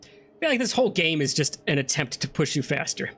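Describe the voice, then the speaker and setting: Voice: medium pitch, big pitch swings, fairly quick, a bit bright, slightly rough. A let's play host giving casual gameplay commentary, chatty and joking while reading game text aloud.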